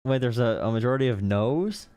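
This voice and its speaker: A man's voice: mid-range voice, expressive, a little fast, darkish tone, clear, resonant tone, dry recording. A man hosting a political live stream, rambling and joking as he talks to his chat and thanks donors.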